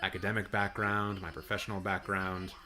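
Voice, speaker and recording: A low-voiced man whose voice has gone raspy and hoarse from hours of talking, speaking into a good studio mic. He chats casually and loosely, with plenty of fillers and restarts, and a little faint music plays behind him. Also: flat delivery, brisk, pushed and bright. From Canada. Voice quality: deep and raspy. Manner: chatty, rambling, with fillers and restarts. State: hoarse from a long stream. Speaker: film channel live streamer. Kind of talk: casual live reaction stream.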